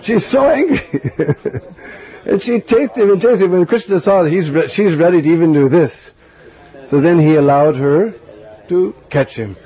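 Man telling a devotional story, lively. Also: on the high side, normal speed, highs cut off. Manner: animated storyteller, chuckles often. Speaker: spiritual teacher.

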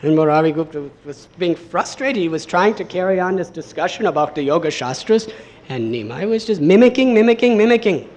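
A man with a fairly high voice tells a devotional story as a sermon. His delivery is animated, with repeated words for emphasis. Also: fairly quick. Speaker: storyteller, preacher.

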